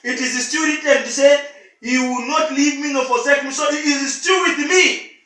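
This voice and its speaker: A man's voice: very high-pitched, moderate pace, bright, forceful tone. A man voicing a stubborn little boy who firmly declares his faith, recorded in an echoey room away from the mic. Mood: defiant.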